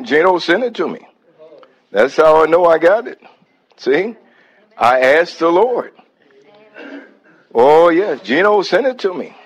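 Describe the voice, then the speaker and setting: A man's voice: a little high, low-quality recording. A man preaching a sermon, breaking off into praise and hallelujahs between points.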